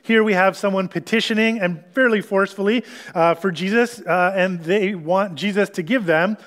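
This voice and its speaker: High-voiced man preaching a sermon. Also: fairly bright tone. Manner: earnest, explanatory teaching with pauses and restarts. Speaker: pastor.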